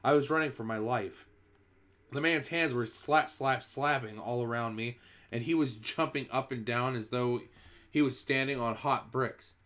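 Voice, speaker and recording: A man's voice: mid-range voice, normal speed, fairly bright tone. A man streaming a first-person read-through of a children's book, reading expressively and often going back to restart a phrase.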